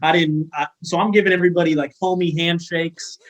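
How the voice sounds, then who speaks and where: A man's voice: a little high, fairly quick, low-quality recording. A man in his thirties from California, a firefighter telling a casual story on a podcast with lots of fillers and restarts. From Sacramento, California. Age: 30s. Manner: animated anecdote-telling with many fillers and restarts. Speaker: guest, firefighter.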